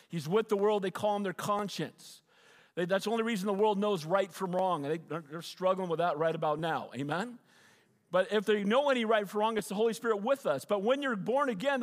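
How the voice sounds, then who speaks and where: A man's voice: high voice, big-room sound. A middle-aged man, a pastor, preaching a sermon and often asking the congregation for an amen.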